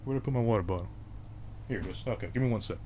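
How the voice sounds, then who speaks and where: A young man with a deep voice, chatting casually on a game livestream and rambling from thought to thought with frequent restarts. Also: racing, darkish tone, a little hiss or hum. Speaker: game streamer.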